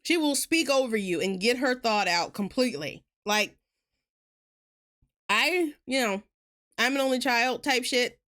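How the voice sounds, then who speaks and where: A woman with a Southern US accent, fairly high-pitched, talking fast in a loose, rambling way as she streams a game. She laughs often between thoughts. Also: animated, a bit bright. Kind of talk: casual gaming chat.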